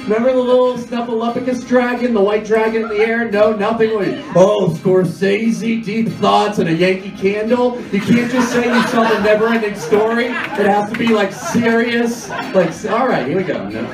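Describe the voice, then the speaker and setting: A male stand-up comedian on a theatre stage, doing jittery, self-mocking banter between shouted sing-along chants with the crowd. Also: high-pitched, moderate pace, few pauses. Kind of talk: live comedy song with crowd call-and-response. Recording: echoey room, far from the mic, music behind. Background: audience laughter and live music.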